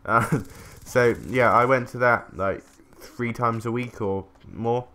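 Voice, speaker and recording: During laid-back gameplay commentary, a man from England wanders through a story, chatting, cutting himself off and casually cursing. He talks slowly in a mid-range, sharp-toned voice with fairly even intonation.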